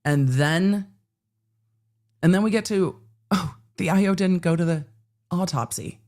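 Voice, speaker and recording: A woman hosts a casual livestream and tells courtroom stories with lots of swearing and animated acted-out quotes. Her voice sits a little low, and she talks in loose, restless bursts. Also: a little slow. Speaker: legal commentary livestream host.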